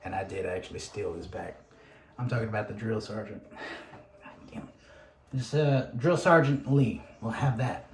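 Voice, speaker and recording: A man's voice: fairly low pitch, moderate pace, a little hiss or hum. A man in a rambling, profane casual monologue, sighing often and restarting his sentences. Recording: roomy room, faint ambience.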